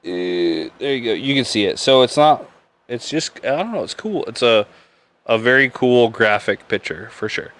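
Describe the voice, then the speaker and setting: This Nebraska man hosts a live-stream beer podcast, rambling through casual chat, cracking crude jokes, and laughing often. His medium-pitched voice is very animated and fairly bright, moving at a normal speed.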